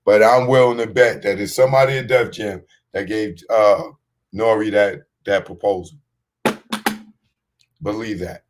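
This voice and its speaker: A man hosting a show, giving blunt, streetwise commentary on a clip he has just played. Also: on the low side. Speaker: podcast host.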